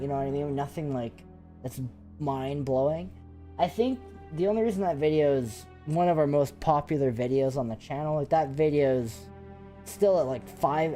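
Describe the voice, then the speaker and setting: Telling ghost stories during a relaxed live chat, a Canadian paranormal-investigation channel host speaks in a voice on the high side. His talk is excited and rambling, filled with fillers.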